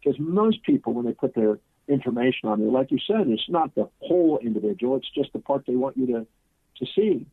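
A man's voice: mid-range voice, lively intonation, brisk, husky, no room sound. A middle-aged man, a guest seminar teacher, gives confident, emphatic, instructive answers in an interview. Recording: tinny phone line.

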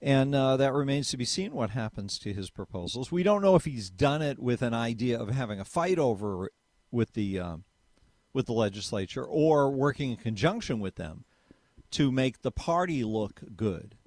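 A man's voice: medium pitch, lively intonation, normal speed, a little mellow, no echo. A man hosting talk radio, emphatic and opinionated, speaking into a studio mic. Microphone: studio microphone.

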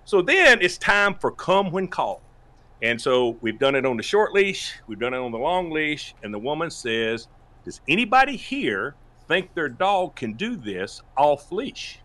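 A man telling a long comic story on a talk show, lively and laughing, acting out the voices of the people in it. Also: on the high side, a little slow. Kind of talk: animated storytelling.

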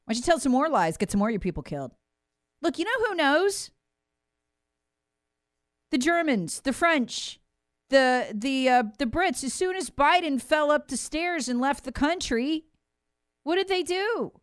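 Sarcastic woman commentator, dry and lively. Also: measured pace, pauses often, no echo. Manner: sarcastic, mocking impressions of officials; animated swings between loud jabs and low asides. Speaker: political commentator host. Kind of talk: opinionated political commentary.

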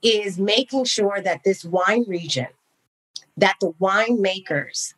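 A woman from Napa, California, a guest in a casual interview, talking in an animated, enthusiastic way with lots of "like" fillers. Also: medium pitch, takes it slowly, husky, low-quality recording. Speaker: podcast guest, wine entrepreneur.

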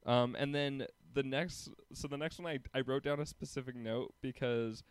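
A man's voice: mid-range voice, fairly even intonation, moderate pace, clean tone, dry recording. Man chatting casually in a dry room. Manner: hesitant, lots of ums and restarts. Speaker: podcast co-host. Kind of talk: casual chat recapping a TV episode.

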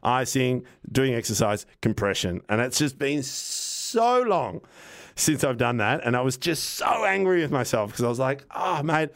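A man, telling a casual, animated anecdote on a podcast, acting out what people said and swearing now and then. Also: medium pitch, moderate pace. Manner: animated, rambling anecdote with acted-out quotes and swearing. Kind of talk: casual storytelling chat.

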